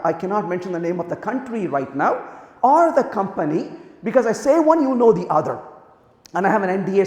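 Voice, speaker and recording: A man giving a conference talk, telling lively anecdotes and acting out the dialogue in them. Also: high-pitched. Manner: animated storytelling, acts out quoted dialogue. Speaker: conference speaker. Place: large conference hall. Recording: echoey hall, long reverb.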